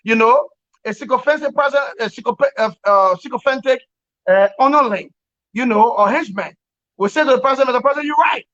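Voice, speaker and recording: A man from Liberia delivers forceful political opinions on a talk show over a remote call, his voice extremely high-pitched, brisk, and sharp. He laughs wryly and repeats words for emphasis, all through dull, lo-fi call audio.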